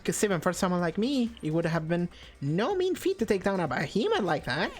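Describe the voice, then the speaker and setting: A woman's voice: on the low side, sing-song, fairly quick, faint music behind, pitched above the performer's own voice. A woman voicing a gleeful, mischievous male bear mascot in a video game, with a British accent and a taunting, sing-song manner.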